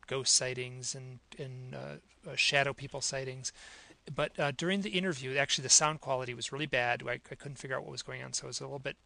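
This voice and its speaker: A man's voice: mid-range voice, vocal fry, pushed and bright. A man hosting an interview, talking hesitantly with many fillers. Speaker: podcast host. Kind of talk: interview conversation.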